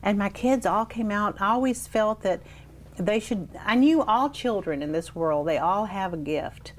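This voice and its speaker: A woman's voice: mid-range voice, a little slow, a little hiss or hum. Older woman telling family stories. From South Texas. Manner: animated, acts out the people she quotes. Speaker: oral history interviewee. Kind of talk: reminiscing storytelling.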